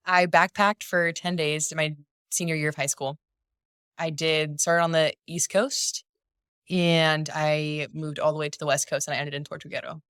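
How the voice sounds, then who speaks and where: A young woman chatting as a podcast guest, bubbly and quick to laugh, with lots of "like" in her talk. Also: deep voice, little pitch movement, a bit bright, clean tone, no echo, clean studio sound. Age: young adult. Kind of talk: casual chat.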